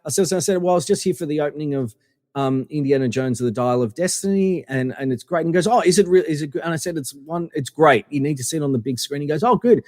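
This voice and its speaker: A man chats as a podcast guest, wandering through his stories with plenty of ums and restarts. His voice sits a little high, and the sound is dry and close with a long reverb tail. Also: fast talker, a little mellow. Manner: rambling, many fillers and restarts. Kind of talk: casual anecdotal storytelling.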